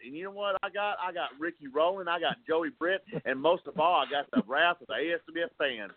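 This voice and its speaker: A man's voice: fairly high pitch, brisk, hardly any pauses. Taunting man on a tinny phone line. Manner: taunting, scornful. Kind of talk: wrestling promo trash talk.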